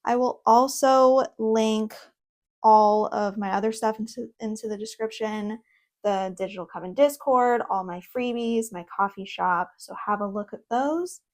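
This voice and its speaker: A young woman in a casual vlog, reviewing an oracle deck at home, reading card meanings aloud between excited, chatty asides and laughs. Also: fairly high pitch, unhurried. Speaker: tarot content creator. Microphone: own microphone.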